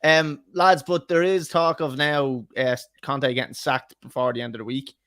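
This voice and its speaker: A man's voice: medium pitch, fairly even intonation, normal speed, a bit bright, no room sound, clean studio sound. A man hosting a casual football chat podcast, teasing his co-hosts sarcastically and laughing often. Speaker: podcast host.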